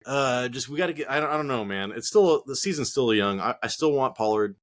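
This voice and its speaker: A man's voice: mid-range voice, animated, a little fast. A man co-hosting a casual sports podcast, speaking bluntly with casual swearing and hesitant fillers. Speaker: co-host.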